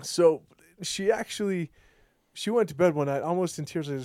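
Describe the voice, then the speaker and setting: A man's voice: normal speed, dry recording, studio quality. A man hosting a casual podcast chat, rambling through stories with frequent restarts and acting out quoted lines. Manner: rambling storyteller who restarts sentences often; acts out quoted dialogue with lively pitch jumps. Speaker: podcast host.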